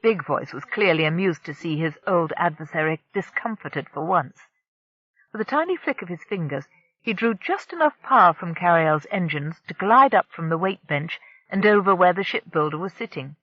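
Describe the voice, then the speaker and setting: An audiobook narrator reading a science fiction novel in a steady storytelling manner. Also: medium pitch, moderate pace, no room sound, dull audio. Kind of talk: scripted narration.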